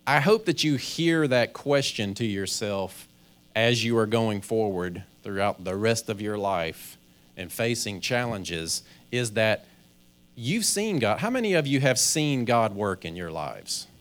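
A pastor gives a very animated, conversational sermon in a lowish voice at a slightly slow pace. He acts out people's inner voices and stammers when restarting his sentences.

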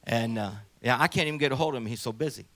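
A man's voice: mid-range voice, very fast, fairly bright tone, no room sound. A man in his sixties from St. Louis, a minister giving a rambling, conversational personal testimony full of restarts. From St. Louis, USA. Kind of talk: personal testimony at a church gathering.

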